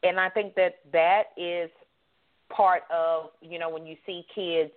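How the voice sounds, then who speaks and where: A woman co-host chatting casually and pausing with hesitant fillers. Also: lowish voice, steady tone. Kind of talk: casual chat. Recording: tinny phone line.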